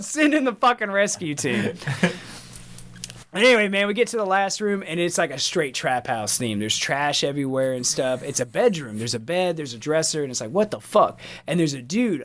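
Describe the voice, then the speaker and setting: A man co-hosting a podcast, telling a story in a profane, animated way and acting out his own screams. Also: a little high, brisk, few pauses. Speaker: podcast co-host.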